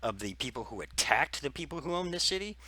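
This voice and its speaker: A man's voice: medium pitch, sing-song, quick pace, pushed and bright. A man running a tabletop game as game master, describing scenes in a loose, rambling way with many fillers.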